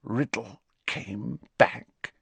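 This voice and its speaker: A man voicing a cold, fearless teenage boy who speaks low, slow and hushed. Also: gravelly, slightly rough, no echo, full character voice.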